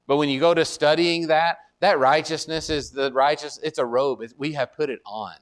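A man preaches a sermon earnestly at a moderate pace, his intonation fairly even. He often repeats words as he builds toward a point, rising in pitch and force when he exhorts his listeners.

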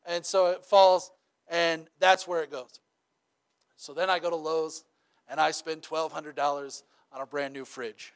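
Unhurried and smooth, with a fairly high pitch, this man delivers a casual sermon. He tells funny, spirited stories and regularly checks in with rhetorical questions such as "right?"

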